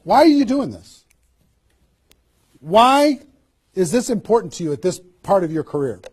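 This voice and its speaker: The voice belongs to a network marketing trainer, fairly high with a slight huskiness, speaking at a moderate pace. In his motivational seminar talk he coaches energetically, repeatedly throwing out rhetorical questions like a trainer driving people to act.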